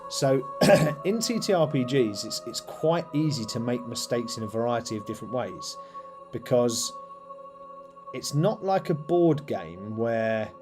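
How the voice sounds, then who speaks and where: A man hosting a live stream, chatting casually about tabletop roleplaying with lots of fillers and restarts. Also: mid-range voice. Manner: rambling, many fillers and restarts. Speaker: host.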